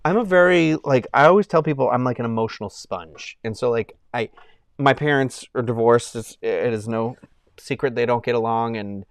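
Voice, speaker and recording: A man's voice: medium pitch, moderate pace, smooth, no room sound. A young man chatting casually to viewers on a live stream, rambling and heartfelt, with many fillers and restarts.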